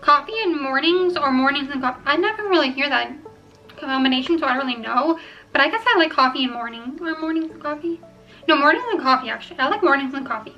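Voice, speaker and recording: A young woman chatting casually to camera at home, rambling and filling pauses with ums as she weighs each choice. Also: sits high, sharp tone, lo-fi sound, soft background music. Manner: chatty, rambling, filler-heavy. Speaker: vlogger. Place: home room.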